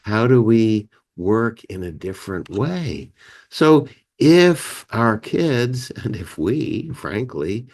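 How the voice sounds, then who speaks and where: Fairly low in pitch and slow, a man hosts a community meeting where he teaches about feelings. As a life skills teacher he's animated, acting out emotion words with gasps and sighs, and keeps things conversational with frequent "you know" and "right."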